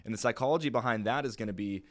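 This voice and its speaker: A man teaching new sales agents how to work a phone script, in a chill, fairly monotone way, often checking in with "right?" and "okay?". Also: very fast. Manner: calm, low-key delivery with frequent "right?" and "okay?". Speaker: sales trainer. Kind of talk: training talk on a phone script.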